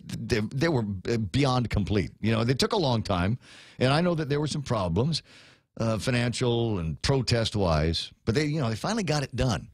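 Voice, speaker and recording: Male radio host, lively rant, wide pitch swings, dry close studio mic. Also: dry recording. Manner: animated, ranting, with many restarts. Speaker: radio talk show host. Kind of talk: casual talk radio rant.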